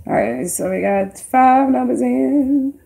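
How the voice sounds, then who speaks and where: A woman's voice: sits high, slow pace, vocal fry, dark tone. A woman giving casual tarot readings on a live stream, speaking straight to her viewers in a chatty, slangy way. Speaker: livestream tarot card reader.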